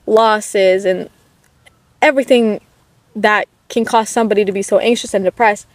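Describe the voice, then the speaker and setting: A young woman in her late teens, talking casually and softly to the camera at a park, rambling with lots of "like"s and getting emotional. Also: mid-range voice, steady tone, normal speed, a little hiss or hum. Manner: soft-spoken, rambling, emotional, many "like"s. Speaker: vlogger. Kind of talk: casual chat. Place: outdoors at a park. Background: dogs barking at times.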